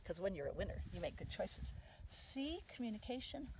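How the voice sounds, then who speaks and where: A woman teaches a family practice outdoors in a relaxed, conversational way, stressing each affirmation out loud. The mic sits some way off and picks up faint hiss along with her voice. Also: medium pitch, normal speed, far from the mic, low-quality recording. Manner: lively, says the affirmations out loud with emphasis. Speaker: mother teaching the medicine wheel. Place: outdoors on a sand dune.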